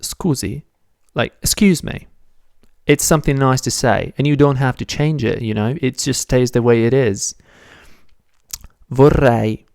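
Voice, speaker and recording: A man's voice: medium pitch, fairly even intonation, fairly quick, gravelly, few pauses, a little mellow, clear, resonant tone, dry recording, clean studio sound. A man teaching a beginner language lesson, patiently explaining step by step and correcting his own slips. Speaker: Italian teacher.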